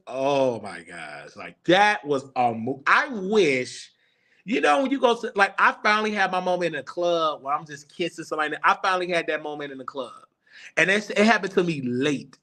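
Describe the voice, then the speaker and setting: Pitched a little high, with big swings and a sharp tone, this man talks at normal speed. He's a show host in his thirties running a live Q&A, openly telling stories about his life.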